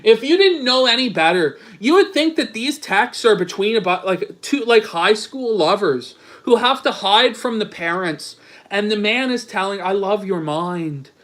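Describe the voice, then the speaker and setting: A man's voice: sits high, expressive, moderate pace, a bit bright. A man hosting a commentary show, mocking read-out texts in a crude, sarcastic, profane way. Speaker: commentary channel host.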